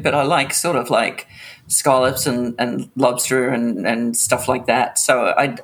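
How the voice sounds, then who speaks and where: Animated middle-aged woman telling a story. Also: low voice. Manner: animated, acts out quotes, swears freely; laughs often between phrases. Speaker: guest, live sound engineer. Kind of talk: casual storytelling anecdote.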